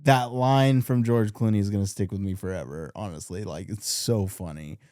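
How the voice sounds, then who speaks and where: Laid back dude on a movie podcast, lots of ums and laughs, dry sound. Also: male voice, lowish voice, moderate pace, dark tone, no room sound. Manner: laughing often, easygoing, filler-heavy. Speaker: podcast co-host. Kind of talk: casual movie review chat.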